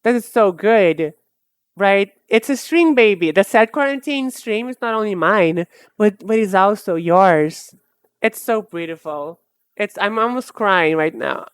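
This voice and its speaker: A woman's voice: medium pitch, lively intonation, measured pace, clean tone, no room sound. Chatty young woman streaming a game. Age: 20s. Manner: chatty, rambling, stumbling restarts. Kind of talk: casual gameplay livestream chat.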